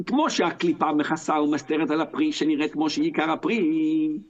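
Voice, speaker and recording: A man, a rabbi, teaching a live Torah class in an animated way, asking and answering his own questions and reading Hebrew text aloud. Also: a little high, racing. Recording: dull lo-fi sound.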